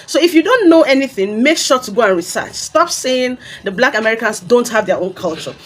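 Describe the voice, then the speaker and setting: A woman's voice: on the high side, lively intonation, a little fast. A woman with a Nigerian accent giving an earnest, lecturing commentary. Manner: earnest, lecturing, lists examples. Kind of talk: explanatory commentary.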